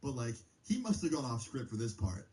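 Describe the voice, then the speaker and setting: Young dude rambling a story on stream, warm mellow voice, lots of likes and cussing. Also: male voice, sing-song, a little fast, poor audio. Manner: loose and profane, many fillers; pitch jumps up on exclamations. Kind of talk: casual storytelling.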